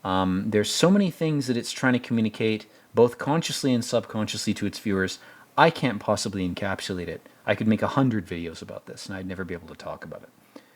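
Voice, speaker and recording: A man's voice: lowish voice, fairly quick. A man hosting a casual film commentary, rambling and stammering with joking asides. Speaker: host.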